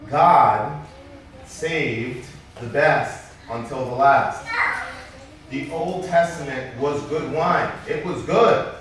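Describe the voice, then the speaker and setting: A man preaching a sermon as pastor, lively and joking with the congregation. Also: medium pitch, slow. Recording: echoey hall from far off.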